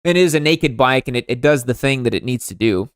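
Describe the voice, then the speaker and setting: A young man hosting a comedic livestream, roasting viewers' motorcycles in a sarcastic, mock-exasperated way, his voice jumping high when outraged. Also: animated, brisk, smooth, dry recording, studio quality.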